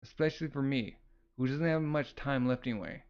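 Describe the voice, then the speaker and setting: A man reading the lines of a calm, sickly young priestess from a comic, in a loose everyday voice. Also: medium pitch, a little fast, clear, resonant tone, lo-fi sound, natural voice. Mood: gentle.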